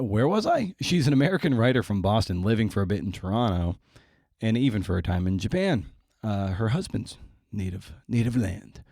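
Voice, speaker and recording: A man's voice: on the low side, a little mellow, dry recording, clean studio sound. A male podcast host introducing his guest in a casual, irreverent way, with profane, wry asides.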